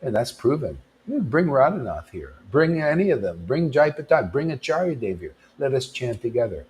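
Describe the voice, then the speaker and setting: A man's voice: medium pitch, very animated, moderate pace, darkish tone, slight background noise. A man preaching informally to a devotional gathering, blunt and confrontational, throwing out rhetorical questions and calling his listeners "man". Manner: rhetorical questions, mocking asides.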